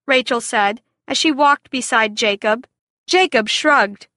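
A woman reading a children's story aloud in a clear, expressive storytelling manner. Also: a little high, unhurried, dry recording, clean studio sound.

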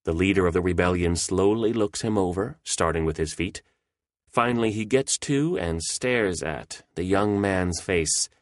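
A man's voice: low-pitched, unhurried, no echo, clean studio sound. A man narrating humorous history in a wry, playful way.

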